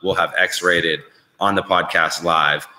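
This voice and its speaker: A man's voice: low-pitched, fairly even intonation, takes it slowly, bright, forceful tone. A man hosting a live Q&A stream, talking casually, rambling and swearing constantly. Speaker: show host on a live stream. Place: visiting Canada, indoors.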